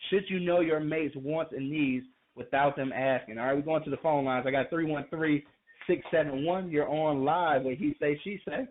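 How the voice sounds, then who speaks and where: A fairly high-voiced man holds forth on a call-in relationship podcast, circling back and repeating phrases as he works toward his point, with laughs scattered through. The sound is thin and phone-like. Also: normal speed, slight background noise. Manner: chatty, repeats himself, laughs often. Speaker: podcast co-host. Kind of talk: casual radio talk. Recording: phone-like call-in radio audio.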